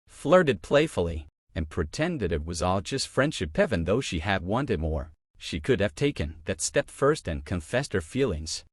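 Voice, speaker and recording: A man narrating a love story with an expressive, emotional reading. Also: fairly low pitch, no echo, studio quality.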